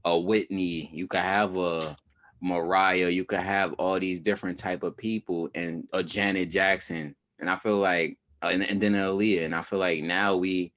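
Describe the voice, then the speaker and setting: Low in pitch but fairly bright, this podcast co-host's voice stays steady as he talks at a normal speed. The young man jokes around in slang and laughs a lot during the casual conversation.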